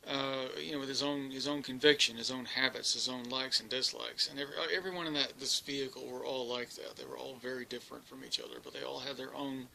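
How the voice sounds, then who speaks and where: A man telling a first-person story, halting often, restarting sentences and searching for words. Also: mid-range voice, fairly even intonation, gravelly, sharp tone, low-quality recording. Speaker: experiencer recounting an encounter.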